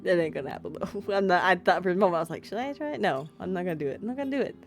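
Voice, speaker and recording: A woman's voice: lowish voice, expressive, racing, soft background music. A woman streamer playing a story game, reading the text aloud and chatting in a casual, self-deprecating, giggly way. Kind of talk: casual let's-play commentary and narration.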